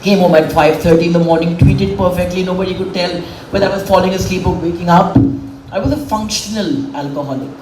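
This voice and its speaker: A woman's voice: lowish voice, fast, over loud music. Middle-aged woman, candid emotional speech, roomy hall, heard from a distance. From India. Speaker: guest speaker at an event. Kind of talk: public speech. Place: event hall, on a dais.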